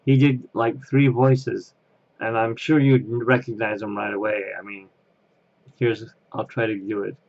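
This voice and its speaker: Man, casual chat, rambling and self-mocking, slow unhurried pace, gravelly voice, dull webcam recording. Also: lowish voice, flat delivery, darkish tone. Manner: rambling, chatty, laughs at himself. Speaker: Disney fan interviewee.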